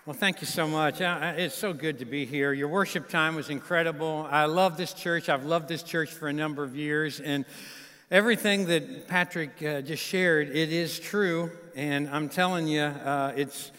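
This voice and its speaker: Speaking at a normal speed in a fairly high, clear and resonant voice, a man in his fifties delivers a sermon as a guest pastor, telling a warm, folksy tale with asides to the congregation. A faint crowd and live church hall reverb fill the large sanctuary.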